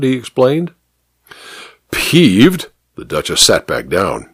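A man narrating a story in a wry, expressive reading style. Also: lowish voice, slow, pauses often, husky, dry recording.

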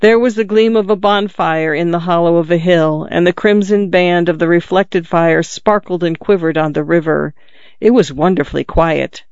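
A man narrating a story in a measured, expressive reading, close to the mic. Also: a little high, clear, resonant tone, no echo. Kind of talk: scripted narration. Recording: slightly dull, dry lo-fi recording.

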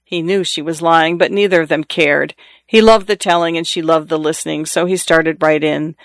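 A man reads a novel aloud in a measured, expressive manner. His voice is smooth and a little higher than most men's. It is recorded close in a dry studio. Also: dry recording. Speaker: narrator. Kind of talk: audiobook narration.

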